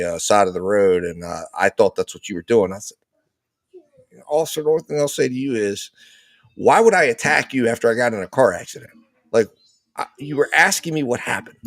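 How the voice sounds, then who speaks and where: Male live-show host, low gravelly voice, dry close sound, animated storyteller. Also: no echo. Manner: animated storyteller, acts out quotes loudly. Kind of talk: casual live commentary and storytelling.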